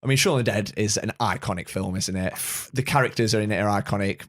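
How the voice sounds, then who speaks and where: A man's voice: on the low side, quick pace. A man, co-hosting a podcast in casual chat, talking with rambling fan enthusiasm. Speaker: podcast co-host.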